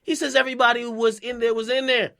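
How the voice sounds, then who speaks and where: A man's voice: very high voice, little pitch movement, fast, gravelly, pushed and bright. A young man giving hip-hop news commentary, recapping and reading from an interview in a brash, profane, slangy way.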